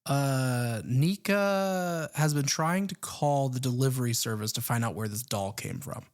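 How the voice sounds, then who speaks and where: A man's voice: medium pitch, measured pace. Laid-back podcast co-host man. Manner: laid-back, brief agreeing replies. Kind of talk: casual film discussion.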